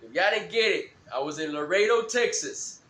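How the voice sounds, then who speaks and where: A man's voice: on the high side, animated, normal speed, sharp tone, echoey room. A man rambling through a profane, laugh-filled story on a live stream.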